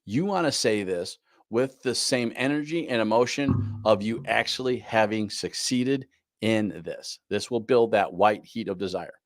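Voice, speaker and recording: A man's voice: lowish voice, a little slow, dry recording, studio quality. A man teaching a live online class on goal planning, repeating his key points and often asking "right?". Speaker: business coach.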